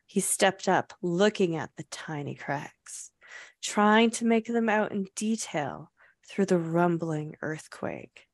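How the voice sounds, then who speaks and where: Slow, dry-voiced woman recapping a book. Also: fairly low pitch, animated, no echo. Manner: reads passages aloud with laughing asides. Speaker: podcast co-host recapping a novel. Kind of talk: casual book recap chat.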